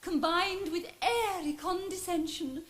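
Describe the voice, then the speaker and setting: A woman's voice: very high-pitched, a little slow, a bit bright. A woman playing a haughty young female fairy in an operetta, mocking in manner. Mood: arch. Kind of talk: operetta stage acting.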